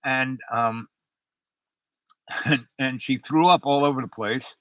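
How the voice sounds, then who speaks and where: A man's voice: medium pitch, slow pace, a bit bright, no echo, poor audio. A man casually telling a personal anecdote, rambling with many restarts and fillers. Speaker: storyteller.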